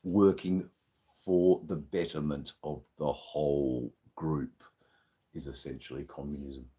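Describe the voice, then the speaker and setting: Australian male streamer, slightly drunk, slow and rambling, swears freely, deep voice. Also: fairly even intonation, mellow, breathy edge. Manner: rambling, swearing, answering chat comments. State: a bit tipsy. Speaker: livestream host. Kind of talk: casual live-stream chat with viewers.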